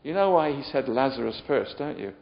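A man preaching a sermon, moving from quiet storytelling to loud, shouted exhortation. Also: medium pitch, animated, a little fast, gravelly, highs cut off.

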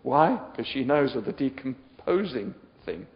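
A man preaching a sermon, moving from quiet storytelling to loud, shouted exhortation. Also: medium pitch, sing-song, a little slow, muffled recording.

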